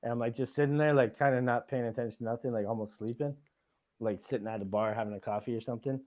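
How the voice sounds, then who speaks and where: A man's voice: medium pitch, fairly even intonation, fast, darkish tone. A man hosting a casual podcast. He rambles, fills his talk with "like" and laughs often. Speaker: podcast host.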